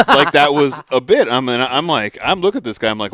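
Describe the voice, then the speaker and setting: A man's voice: medium pitch, a little fast, few pauses, no echo, studio quality. A man co-hosting a hunting podcast, telling a story in casual chat and acting out what people said. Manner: animated storyteller, acts out quotes. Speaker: podcast co-host.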